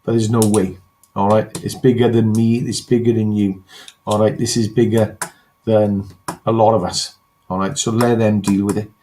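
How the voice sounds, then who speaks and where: A man's voice: fairly low pitch, little pitch movement, normal speed, dark tone, slight background noise. An English man hosting a livestream rant, who keeps checking in with "all right?" and pleads with his listener. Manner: repeats "all right?", ranting then pleading. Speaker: host.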